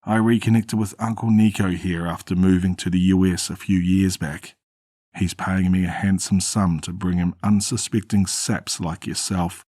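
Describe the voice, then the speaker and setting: A man's voice: sits low, fairly even intonation, moderate pace, mellow, no room sound, clean studio sound. A man voicing a smug, cold young man who has betrayed his friend, in a horror story reading. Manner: smug, matter-of-fact.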